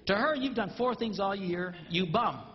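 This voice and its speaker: A man doing a stand-up comedy routine, animated and acting out spouses in mimicked voices. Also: high voice, moderate pace, slight background noise. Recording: roomy live hall, dull lo-fi sound.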